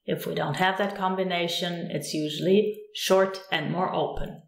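A woman teaching a recorded lesson, calm and patient, saying example words slowly and repeating them. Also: fairly low pitch, vocal fry, reverberant. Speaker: language teacher.

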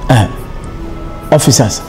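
A man's voice: slow, music in the background, natural voice. An actor playing a male union colleague who comforts and reassures a detained friend. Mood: reassuring. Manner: earnest, comforting.

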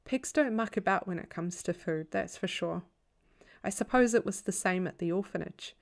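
A woman reading a novel aloud as a bedtime story in a calm, even storytelling voice. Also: fairly low pitch, normal speed, creaky. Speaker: audiobook reader.

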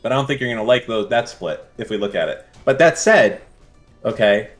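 A man's voice: medium pitch, lively intonation, brisk, soft background music. A man with an American accent, a streamer talking in casual, brash, crude, joking banter. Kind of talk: casual podcast chat.

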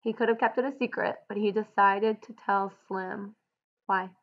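A woman teacher reading a novel aloud and pausing to ask students slow, deliberate questions. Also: mid-range voice, steady tone, highs cut off. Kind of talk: read-aloud with guided questions.

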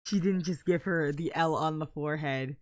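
A young woman commenting casually on her life-simulation game, playful and giggly, with sudden loud bursts of excitement. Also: low-pitched, normal speed, dry recording. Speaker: gameplay commentator. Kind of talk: casual let's-play commentary.

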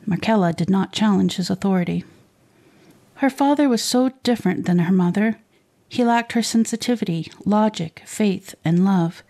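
Woman narrator, warm and mellow, steady storybook reading of a saint's life. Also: medium pitch, normal speed. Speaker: reader of saints' lives for children.

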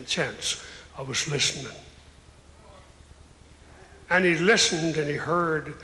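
An older man with a high, sharp-toned voice preaches an impassioned sermon as an evangelist at a live church service, building up to raised calls. The recording is from an echoey hall with long reverb.

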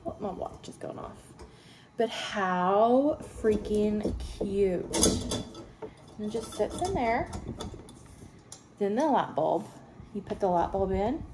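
A young woman with a drawl speaks slowly, breaking into excited gushes. Her talk is casual and full of fillers and restarts. Household clatter and dish noise are clearly audible behind her at home. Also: mid-range voice. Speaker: home sales consultant showing a product. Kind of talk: casual product show-and-tell. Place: home room, indoors.

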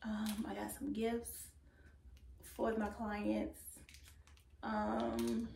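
Playful woman vlogger, gravelly high voice. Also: little pitch movement, slow pace, mellow. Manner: playful, talks straight to viewers; drops to a whisper at times. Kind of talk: casual vlog chat. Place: indoors at home, decorating. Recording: noisy home recording.

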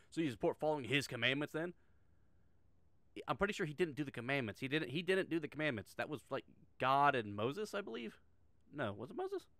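A man's voice: on the high side, a bit bright, no echo. A middle-aged man giving a sarcastic, heavily profane reaction commentary, often restarting his sentences. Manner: sarcastic, swears a lot, frequent restarts.

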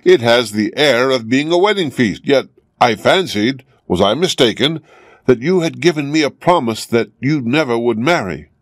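A man voicing Eisenkopf, a male pursuer who taunts slowly and mockingly, in a storybook reading. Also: medium pitch, expressive, no room sound, pitched above the performer's own voice, close to an everyday voice. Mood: taunting.

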